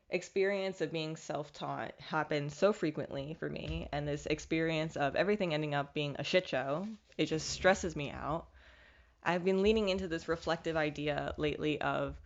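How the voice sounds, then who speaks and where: A young woman hosting a podcast, talking casually and candidly in a self-mocking, animated way. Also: low-pitched. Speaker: podcast host. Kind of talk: casual solo monologue. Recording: dull lo-fi recording.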